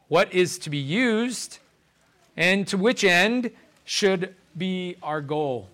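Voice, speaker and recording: A pastor delivering a sermon in a measured, deliberate way, slowing down to stress key phrases. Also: male voice, high-pitched, fairly bright tone.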